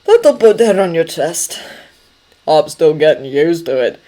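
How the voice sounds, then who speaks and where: A woman's voice: low-pitched, very animated, unhurried, mellow. A woman reading a story aloud, voicing a blunt, hard-drinking male master sergeant who swears constantly. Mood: gruff. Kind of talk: audiobook character voice.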